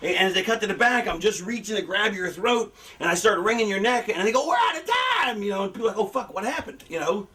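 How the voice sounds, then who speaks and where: A middle-aged man rambling casually with lots of swearing, acting out excited fan reactions as he explains wrestling booking. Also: fast, hardly any pauses, distant mic, a little hiss or hum. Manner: animated, acts out fan reactions in a higher voice. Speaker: former wrestler talking about booking. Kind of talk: casual rambling storytelling with profanity.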